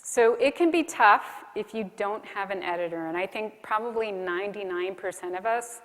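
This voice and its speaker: A woman's voice: medium pitch, normal speed. A woman giving a friendly, practical conference keynote talk. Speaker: keynote speaker. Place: conference hall. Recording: reverberant hall.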